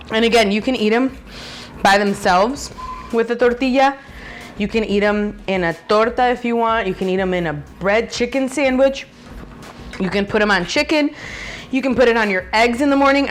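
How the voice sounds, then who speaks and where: A woman's voice: a little high, a bit bright, a little hiss or hum. Bubbly woman chatting through a cooking vlog. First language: Spanish. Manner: chatty, bubbly, jokey asides. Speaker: cooking channel host. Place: home kitchen, food sizzling.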